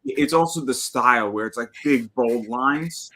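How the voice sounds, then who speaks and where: An enthusiastic man gushes in casual podcast chat and swears freely. His voice is bright and forceful. His pitch sits in the normal middle range. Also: a little slow.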